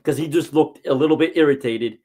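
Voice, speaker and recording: Slight background noise sits under this man's fairly quick, slightly high, darkish voice. As a wrestling promotion figure guesting on a casual podcast, he spins long fan stories and keeps tripping into false starts and restarts.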